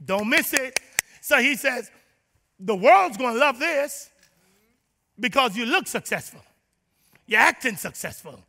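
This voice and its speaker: A man preaching in a high, piercing, sharply bright voice. He acts out his listeners' prayers and swings from shouted declarations to hushed asides. The sermon rings with long reverb from a large hall. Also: animated, a little slow, pauses often. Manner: shifts between loud declarations and near-whispers. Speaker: pastor.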